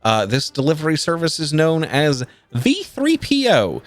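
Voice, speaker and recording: A man's voice: fairly high pitch, huge pitch swings, moderate pace, dry recording, voice pushed up. A man voicing a formal ship captain who speaks in a dry, rote, stiffly official way. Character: formal middle-aged male ship captain.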